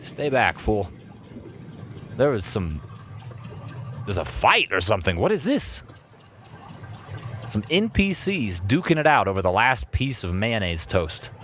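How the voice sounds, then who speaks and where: A man's voice: fairly low pitch, sing-song, measured pace, pauses often, a bit bright. A young adult man gives playful live commentary on his gameplay and jokes with his chat. His voice swings widely up and down as he talks, and a faint hum sits behind it. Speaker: let's play streamer.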